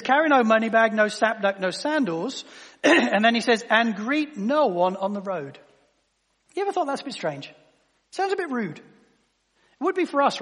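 Male pastor, conversational sermon delivery with hushed drops; hall reverb. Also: sits high, slightly rough. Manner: conversational preaching, dropping to near-whispers.

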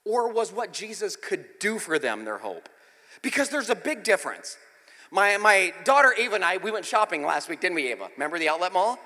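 A man in his forties preaching a sermon, telling stories and acting out scenes, swinging from quiet asides to loud outbursts. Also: high voice, big pitch swings, fairly quick. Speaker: pastor. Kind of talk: sermon with storytelling. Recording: reverberant hall.

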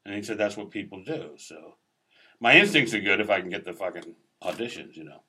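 Low-voiced male actor, bright forceful tone, profane, rambling chat. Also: lively intonation, fairly quick, husky. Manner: profane, rambling, laid-back storytelling. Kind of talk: casual storytelling chat.

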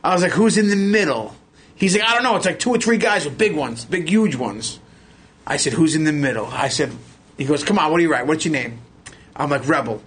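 A middle-aged man, a podcast guest telling animated stories and acting out the voices of other people. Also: a little high, fairly quick, husky. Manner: animated, acts out quoted voices. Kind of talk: casual storytelling chat.

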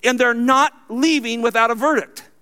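High-voiced man preaching with emphatic swings. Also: fairly even intonation, moderate pace, bright, forceful tone, clean tone. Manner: preaching with emphatic swings, reading scripture aloud. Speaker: pastor. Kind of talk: sermon.

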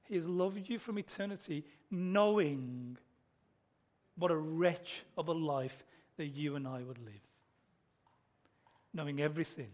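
A man with a Black Country accent preaching a sermon, earnestly and directly addressing his listeners, often dropping to soft, intense tones. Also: fairly high pitch, measured pace, long pauses. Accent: Black Country English.

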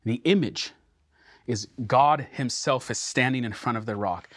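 A man teaching a sermon through scripture, earnest and emphatic, slowing down to stress key words. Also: mid-range voice, a bit bright, dry recording.

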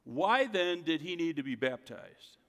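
A man preaching a sermon, leaning on his points and posing questions to the listeners. His voice sits somewhat high for a man. It rings with the long reverb of a large hall. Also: sing-song, measured pace, fairly bright tone. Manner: emphatic preaching, rhetorical questions. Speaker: pastor.

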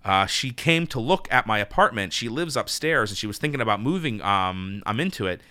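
A man's voice: lowish voice, animated, a little fast, sharp tone, clean tone, dry recording. Emotional, rambling man hosting a podcast. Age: 30s. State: nervous and flustered. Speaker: podcast host. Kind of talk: solo thank-you monologue. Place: his New York apartment.

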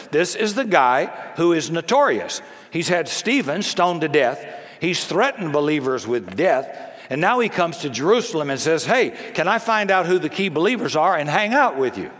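A man's voice: a little high, a bit bright. A male pastor delivering a sermon, telling stories with humor and emphasis. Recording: long reverb of a large hall.

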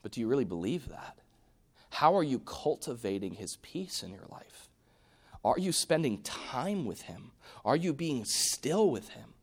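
A man preaching a sermon, swinging from loud, emphatic peaks to hushed, near-whispered lines. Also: mid-range voice, sing-song, unhurried, breathy edge. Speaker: pastor.

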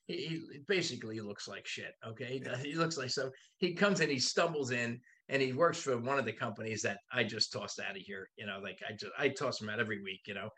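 A man's voice: mid-range voice, a little fast, few pauses, pushed and bright. Blunt, salty man in his sixties. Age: 60s. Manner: blunt, profane storytelling. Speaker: body shop owner and guest. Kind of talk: casual podcast conversation.

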